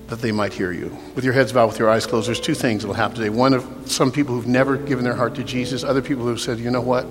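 A man preaching as a pastor, rising to shouts and dropping to a hushed prayer over an altar call. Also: mid-range voice. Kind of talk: sermon. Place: church hall. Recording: long hall reverb, soft music behind.

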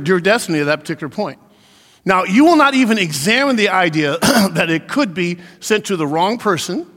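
A man preaches an animated sermon, slipping into acted-out voices for the people he quotes. His voice is high for a man, and a long hall reverb trails every phrase.

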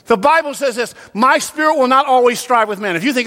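A male pastor preaches in a church with a notably high voice. He swings from loud, shouted emphasis down to soft, hushed lines. The sound carries a long reverb from the sanctuary. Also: a little fast. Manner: preaching with sudden loud peaks and soft drops. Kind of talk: sermon.

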